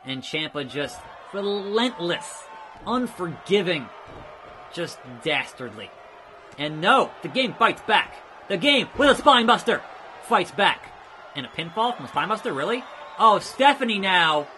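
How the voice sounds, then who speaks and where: A man hosting a let's play, giving excitable, jokey wrestling play-by-play with sudden shouts. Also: high voice, a little slow, a little hiss or hum. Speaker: host.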